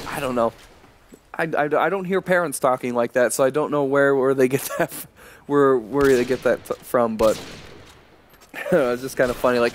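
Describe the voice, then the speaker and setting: A man's voice: medium pitch, moderate pace, slight background noise. A young American man giving rambling, chuckling commentary over gameplay. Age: young adult. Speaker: gaming commentator.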